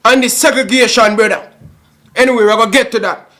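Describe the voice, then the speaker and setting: High-voiced Jamaican man ranting passionately. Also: steady tone, fast, sharp tone. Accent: Jamaican Patois. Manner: passionate, repetitive, frequent "bro" and "brother". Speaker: YouTube football commentator. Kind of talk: emotional rant to camera.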